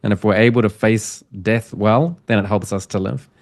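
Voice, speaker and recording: A man's voice: fairly low pitch, moderate pace, no echo, studio quality. A man hosting an interview podcast, rambling and rephrasing his questions as he asks them. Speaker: podcast host.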